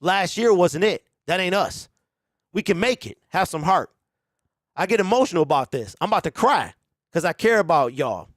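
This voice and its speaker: A man's voice: sits high, big pitch swings, normal speed, no echo, studio quality. A man acting out a grown male football player giving an emotional, urgent pep talk to teammates. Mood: fired up.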